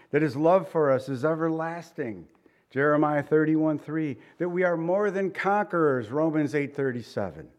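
A middle-aged man preaching a sermon in a conversational way, asking the listeners rhetorical questions. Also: on the high side. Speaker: pastor.

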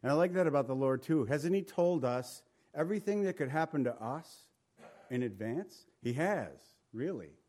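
Man, Bible study teacher, reads scripture then explains it, halting repeated words, mid-pitched voice. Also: dark tone.

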